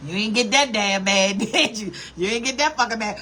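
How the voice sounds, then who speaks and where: A woman's voice: mid-range voice, normal speed, hardly any pauses, music in the background. A woman vlogger ranting to her camera in a blunt, profane, scolding way. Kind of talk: casual rant to camera.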